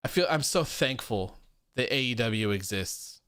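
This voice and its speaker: A man's voice: mid-range voice, animated, measured pace, fairly bright tone, clean tone, no room sound, clean studio sound. A young man hosting a live wrestling post-show, chatting casually, reading viewer comments aloud and laughing often.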